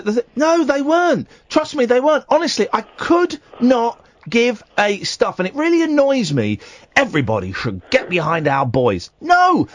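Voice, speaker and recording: A man's voice: extremely high pitch, a bit bright. A man hosting a late-night phone-in radio show, jokey and mock-outraged, rambling and restarting his sentences. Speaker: radio host. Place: radio studio. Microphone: studio microphone.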